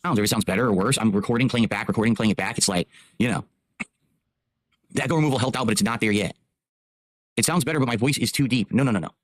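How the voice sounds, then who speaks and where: A man's voice: mid-range voice, fast, pauses often, no room sound. A man streaming live, tinkering with his mic settings and defending how his voice sounds. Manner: fussing over audio settings, defensive. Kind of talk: casual livestream chat. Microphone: XLR streaming mic.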